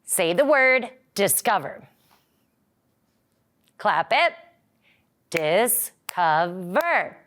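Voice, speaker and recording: A woman teaching young children at an unhurried pace, with a fairly high voice. She sings short rhymes and praises the class in a bright, encouraging, sing-song way. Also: very animated.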